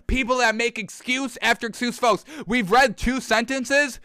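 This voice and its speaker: Exasperated high-voiced man ranting about sports. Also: fairly even intonation, normal speed, hardly any pauses, bright, forceful tone, smooth, no echo, studio quality. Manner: keeps addressing listeners as folks. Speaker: sports talk show host. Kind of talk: opinionated sports rant.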